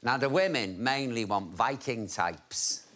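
A man hosting a dating show, teasing contestants with camp, quick quips and frequent laughs. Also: mid-range voice, expressive. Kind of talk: cheeky studio banter. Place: TV studio with audience. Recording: loud background noise.

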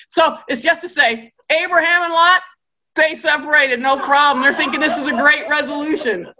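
A woman teaching a Bible study class in a lively storytelling style, acting out the people in her stories. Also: sits high, normal speed, poor audio. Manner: acts out characters' voices in quotes.

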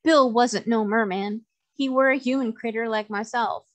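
A woman's voice: a little high, steady tone, moderate pace, lightly acted. A woman voicing a mild, good-humored old male sailor in a storybook reading, speaking in an easygoing sailor's drawl. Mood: calm.

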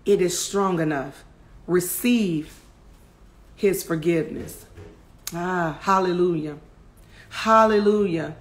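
A woman preaching and praying fast and passionately, often raising her voice to a shout. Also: on the low side. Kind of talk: fervent online sermon and prayer.

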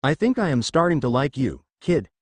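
A man's voice: mid-range voice, big pitch swings, normal speed, no room sound. A man doing a smug old bridge builder.

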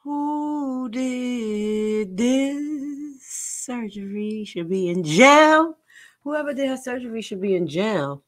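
A woman's voice: mid-range voice, very animated, unhurried, a bit bright. A woman doing reaction commentary, blunt and profane, mocking what she watches with dramatic bursts of disgust. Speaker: commentary vlogger.

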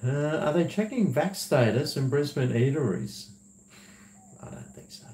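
A man's voice: on the high side, animated, a little slow, darkish tone, slight background noise. A man who hosts a livestream, chatting casually, rambling and laughing as he reads viewer messages. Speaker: livestream host. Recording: roomy echo.

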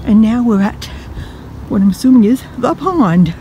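Older woman, mellow voice, breathless, chatty, faint outdoor noise. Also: on the high side, lively intonation, moderate pace, muffled recording. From New England, USA. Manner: chatty, self-deprecating, talks to herself. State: out of breath from hiking. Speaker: vlogger. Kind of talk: casual walking vlog narration. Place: outdoors on wooded hiking trails.

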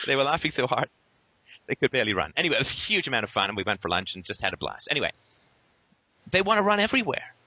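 Lively, sharp-voiced man ranting. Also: medium pitch, fast talker, long pauses. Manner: sarcastic, profane and theatrical. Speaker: podcast host. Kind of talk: impassioned ranting monologue.

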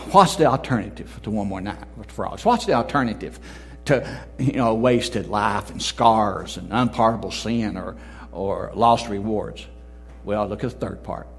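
A man, a pastor, preaching a sermon, telling a story and rising to emphatic, loud peaks. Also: lowish voice. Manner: storytelling, quoting others in changed voices, rising to emphatic peaks. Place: church sanctuary.

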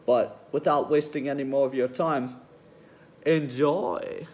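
A man's voice: mid-range voice, level tone, moderate pace, darkish tone, slight background noise. A young man casually introducing his channel's video in a chatty, self-deprecating way. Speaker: channel host.

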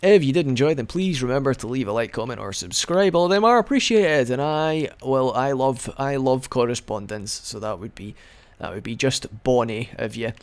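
A man's voice: medium pitch, animated, normal speed, hardly any pauses. A man giving casual, rambling let's-play commentary as he plays, joking and often restarting his sentences. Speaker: gaming video host.

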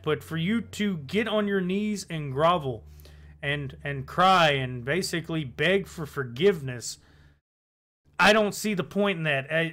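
Casual commentary host, male; rambling, profane delivery with a high, bright tone. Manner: rambling, swears, trails off and restarts.

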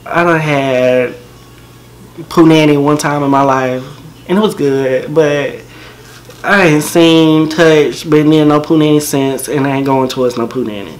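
A man's voice: fairly high pitch, a little slow. A man telling a personal story to camera in a casual, slangy, joking way.

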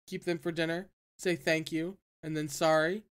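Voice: mid-range voice, normal speed, lightly acted. A reader voicing a curt, irritable young male sect leader in an audiobook, clipped and mocking. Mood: cold, irritated. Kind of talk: audiobook character reading.

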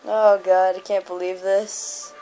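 A woman's voice: mid-range voice, flat delivery, takes it slowly, mellow, faint music behind. A woman commentating her own online shooter match, giggling and teasing other players. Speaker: gamer recording online match. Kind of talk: excited gameplay commentary.

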